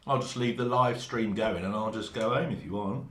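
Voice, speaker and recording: A man's voice: lowish voice, moderate pace, a bit bright. A man chatting casually on a hobby live stream, joking and eating as he talks, without a lav mic. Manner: chatty, jokey, laughing between bites. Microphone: no lav mic, room mic. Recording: echoey room, faint background noise.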